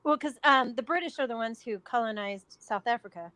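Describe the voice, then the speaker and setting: A woman's voice: fairly high pitch, a little fast, bright, forceful tone, no echo. A woman hosting a live chat, bubbly and chatty, often searching for words. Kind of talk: casual chat.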